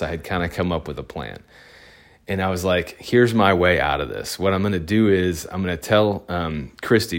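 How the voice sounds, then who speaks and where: Deep-voiced man telling a rambling story. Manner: rambling, filler-heavy, animated retelling. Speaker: event photographer. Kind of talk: casual personal storytelling.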